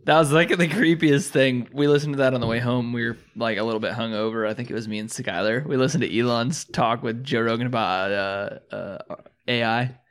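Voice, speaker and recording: A man's voice: medium pitch, fairly even intonation, a little fast, clear, resonant tone. A young man in casual podcast chat, laughing often and swearing while telling stories.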